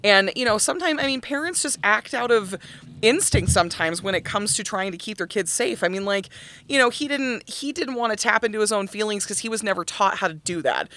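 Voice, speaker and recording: A woman co-hosting a casual podcast about musical theatre, animated, laughing hard and cursing freely. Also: mid-range voice, fairly quick, a little hiss or hum. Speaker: podcast co-host.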